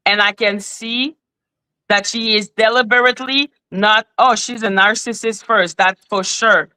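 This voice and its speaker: A woman's voice: mid-range voice, fairly even intonation, a little slow, sharp tone, low-quality recording. Casual woman hosting a live panel. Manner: casual, filler-heavy, placating. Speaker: panel host.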